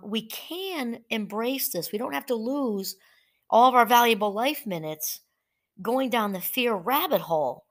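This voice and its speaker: A woman hosting a solo podcast on mindfulness, talking casually with asides and restarts, now and then reading passages aloud from a book. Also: fairly high pitch. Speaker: podcast host. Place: home.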